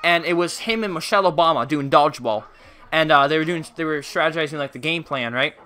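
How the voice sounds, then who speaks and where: Young male game streamer, excitable, bright voice, chatty with chat. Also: on the high side, fast talker, clean tone. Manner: excitable, reacting loudly to the game, chatty with viewers. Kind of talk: casual live-stream gameplay chat.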